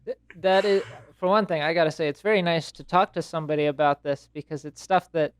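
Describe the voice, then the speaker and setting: Rambling young man, smooth and dry. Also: fairly high pitch, fairly even intonation, fast, dry recording. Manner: rambling, self-interrupting, frequent restarts. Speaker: podcast host. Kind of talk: casual podcast chat.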